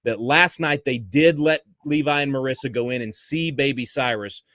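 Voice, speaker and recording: A man's voice: mid-range voice, normal speed, fairly bright tone, no room sound. Guy getting worked up on a podcast, dry close sound, keeps restarting words. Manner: fervent, emotional, restarts words when upset. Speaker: guest, homeschool advocate. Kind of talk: impassioned podcast interview.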